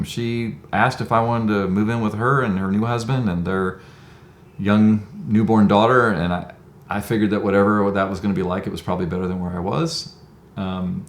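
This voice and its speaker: A man in his fifties with a very low voice recounts his own story in a thoughtful, conversational way, often pausing with "um". The sound is roomy with a noticeable echo. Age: 50s. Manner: reflective, conversational, many "um"s. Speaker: interviewee. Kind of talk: personal storytelling.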